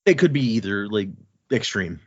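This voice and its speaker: Animated man recapping a book. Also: fairly low pitch, slightly rough, dry recording. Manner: animated, acts out characters' lines in quick voices. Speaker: podcast co-host. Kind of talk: casual book recap chat. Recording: dull dry podcast audio.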